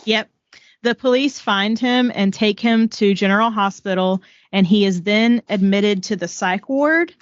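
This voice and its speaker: Unhurried and medium in pitch, this Southern-accented woman co-hosts a podcast, retelling a biography as casual chat. She quotes the book and uses many "um"s, in a recording with no room sound and the highs cut off.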